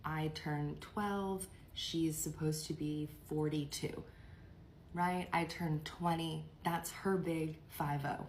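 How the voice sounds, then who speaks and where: A woman's voice: low voice, steady tone, slow, a little mellow, a little hiss or hum. A young woman from the United Kingdom telling a gossipy story in a chatty, casual way.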